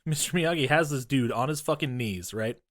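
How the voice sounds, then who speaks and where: A man's voice: medium pitch, fairly quick, fairly bright tone. A man co-hosting a casual film podcast, recapping scenes with profane, teasing banter. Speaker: podcast co-host. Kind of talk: casual film-review chat.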